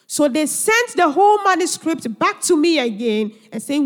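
A woman's voice: sits high, sing-song, moderate pace. A woman preacher delivering an earnest sermon full of emphatic rhetorical questions, heard in a church hall. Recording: long church hall reverb.

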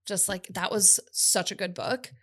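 Podcast host lady, bright voice, enthusiastic casual book chat. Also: mid-range voice, unhurried, slightly rough.

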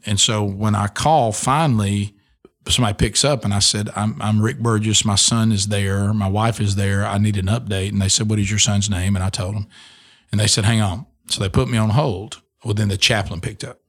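A middle-aged man with a fairly low voice tells a personal testimony on a podcast. He speaks earnestly and often restarts his sentences as he goes. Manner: earnest storytelling with many restarts. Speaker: radio host and speaker.

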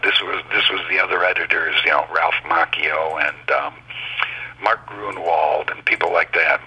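A man's voice: sits low, fairly even intonation, normal speed, pushed and bright, husky, rough recording. An older man being interviewed, telling candid anecdotes about his career in a blunt, emphatic way and swearing freely.

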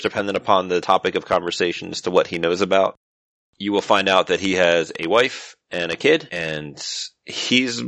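A man narrating as game master of a tabletop role-playing game, relaxed and measured. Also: deep voice, no room sound, low-quality recording.

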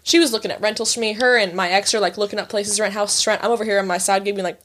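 Young woman, co-host, lively anecdote teller, casual cursing. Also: medium pitch, very fast, few pauses. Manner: animated storyteller, swears, acts out her family. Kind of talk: casual chat.

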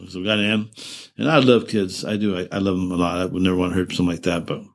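A man in his seventies being interviewed, recalling events in a halting way with many restarts and self-corrections, earnest and emotional. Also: sits low, steady tone, creaky. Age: 70s. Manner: earnest and emotional while recounting. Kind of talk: oral-history interview recollection.

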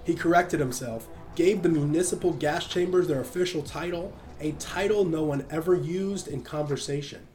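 A man narrating a short story in a measured, even reading. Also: a little high, soft background music.

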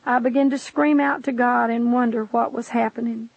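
A woman's voice: a little high, steady tone, normal speed, gravelly, darkish tone, no room sound. A woman narrating a dramatic first-person testimony, speaking with passion and addressing the listener directly. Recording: dull lo-fi dry recording.

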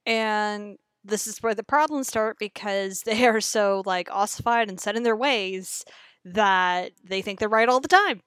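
A woman co-hosting a casual fan podcast, wry and quick to laugh, with casual swearing. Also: medium pitch, fairly bright tone, smooth, no room sound.

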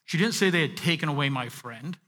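A male pastor preaching a sermon, reading and unpacking scripture, dropping to a hush and then rising to emphatic points. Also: a little high, a little fast, long reverb tail. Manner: expressive, swinging from hushed to emphatic.

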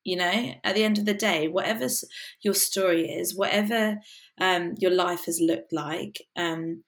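A woman's voice: lowish voice, fairly even intonation, moderate pace, vocal fry. A woman from the UK, a worship musician, talking earnestly and casually in a podcast interview, with many fillers.

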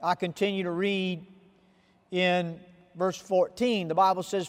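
A man preaching a sermon to viewers, with a deliberate, emphatic delivery. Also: high-pitched, little pitch movement, long reverb tail. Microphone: camera recording of a speaker addressing viewers.

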